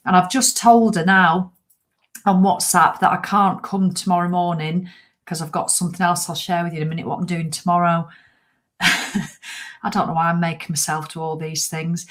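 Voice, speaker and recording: A middle-aged woman, a fitness vlogger, chatting casually to viewers in a blunt, animated way with the odd swear word. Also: lowish voice.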